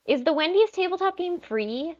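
A woman co-hosting a podcast in casual chat, with playful deadpan jokes. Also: very high-pitched, normal speed, muffled recording. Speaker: podcast co-host.

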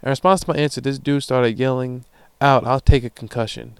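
Young man, podcast host, casual profane storytelling, smooth voice, dry close mic. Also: medium pitch, steady tone, a little fast, dry recording. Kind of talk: casual monologue reading listener emails.

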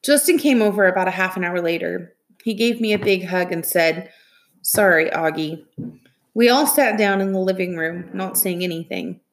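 A woman, a teacher, reading a children's novel aloud in a steady, plain narrating voice. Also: fairly low pitch, brisk, few pauses.

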